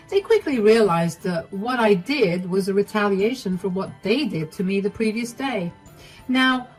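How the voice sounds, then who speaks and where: A woman tells a first-person story in a steady, matter-of-fact scripted narration. Her voice is mid-pitched and even, with faint background music underneath. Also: slightly rough, rough recording.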